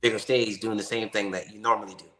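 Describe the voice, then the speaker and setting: A man's voice: on the low side, flat delivery, quick pace, sharp tone. A laid-back man from South Carolina, easygoing as a guest in a casual interview. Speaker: guest singer.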